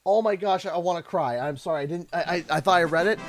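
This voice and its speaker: A man's voice: a little high, quick pace, faint music behind. A man from Canada chatting on a live stream, emotional and effusive, often stammering and repeating himself. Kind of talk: casual live-stream chat.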